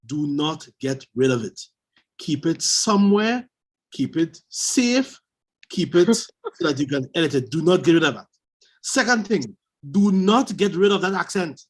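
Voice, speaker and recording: A man evaluating a speech on a video call, emphatic and repeating his key advice. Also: high-pitched.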